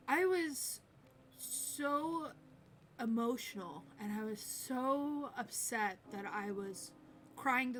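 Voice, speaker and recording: A woman streamer telling a personal story to camera in a halting, hesitant way, often pausing and restarting. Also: on the high side, fairly bright tone, a little hiss or hum. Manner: halting, hesitant, with many pauses and fillers. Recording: clear instrumental music in background.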